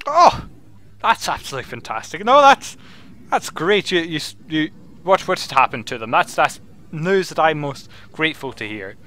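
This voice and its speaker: Guy doing a high, bright, polite wizard who bosses zombies around, all formal and fussy. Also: very animated, normal speed. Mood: genteel. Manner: formal, overly polite, hesitant phrasing. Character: courtly male wizard commanding zombies, smug host.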